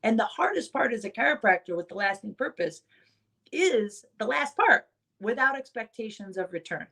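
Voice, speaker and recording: A woman's voice: a little high, sing-song, normal speed, vocal fry, sharp tone. A woman chiropractor giving an earnest motivational talk to fellow chiropractors. She tells stories and repeats key phrases for emphasis.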